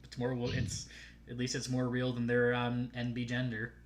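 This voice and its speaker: A man co-hosting a casual live-streamed chat, sarcastic and quick to laugh, reading out comments. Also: medium pitch, monotone, slight background noise. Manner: sarcastic, laughs often, reads comments aloud. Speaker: co-host.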